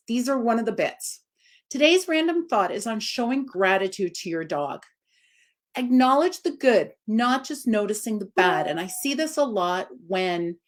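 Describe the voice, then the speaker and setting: This informal live video talk comes from a dog trainer, a woman in her forties. She's expressive, raising her pitch high whenever she emphasizes something.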